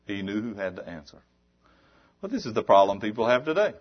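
A man preaching a sermon, shifting between quiet talk and loud, exhorting passages. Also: lowish voice, very animated, fairly quick, husky, dull audio.

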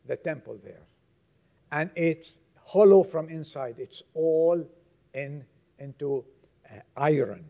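A male pastor delivers a sermon at a slow, deliberate pace with a gravelly edge in his voice. He is pitched a little above most men and swings from hushed storytelling to loud calls to the church. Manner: preaching with dramatic storytelling, swings between loud exhortation and hushed tones.

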